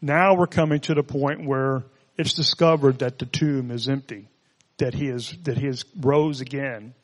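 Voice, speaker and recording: A man's voice: mid-range voice, fairly even intonation, moderate pace, big-room sound. A man preaching a sermon, reading scripture and adding conversational, joking asides. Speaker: pastor.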